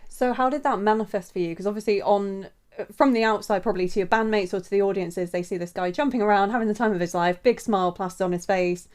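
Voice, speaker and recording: A woman interviewing a guest, asking gently probing follow-up questions in a conversational way. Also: medium pitch, fast, hardly any pauses. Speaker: coach and podcaster, interviewer.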